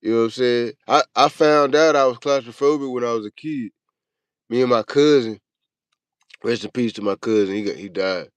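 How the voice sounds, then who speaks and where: A man hosting a show, telling a long, profane personal story in a casual, animated way. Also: medium pitch, normal speed, clear, resonant tone, no echo. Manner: profane, animated, acts out his own panicked yelling. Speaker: show host.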